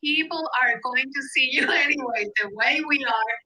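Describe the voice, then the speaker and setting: A woman's voice: high-pitched, normal speed, crowd noise, low-quality recording. A woman with a foreign accent, chatting animatedly as a guest on a video call and often repeating herself. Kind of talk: casual chat.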